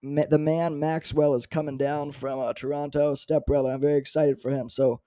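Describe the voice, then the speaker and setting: Young male podcast host, crude comic storyteller, slightly high voice, dry close sound. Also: level tone, moderate pace, dark tone, no room sound. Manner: self-deprecating, crude storytelling. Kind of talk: casual comedic storytelling.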